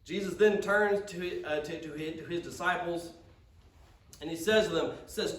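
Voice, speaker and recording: Heard from a distant mic with a roomy, off-mic sound, a man speaks a little high at a moderate pace. He preaches a conversational sermon as pastor, often stammering and restarting, and acts out quotes in character.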